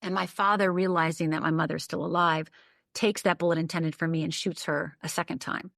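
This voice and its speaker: A woman's voice: lowish voice, steady tone, fairly quick, vocal fry, fairly bright tone, no room sound, studio quality. An older woman from the northern United States telling a personal story as a podcast guest, vivid, detailed and emphatic. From Upper Michigan, USA.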